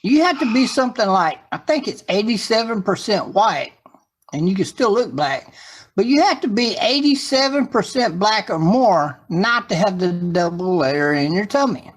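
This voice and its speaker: Male podcast guest, husky, breathy tone; delivers dubious claims with unshakable confidence. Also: sits high, big pitch swings, normal speed. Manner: states odd claims with total confidence. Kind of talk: casual podcast banter.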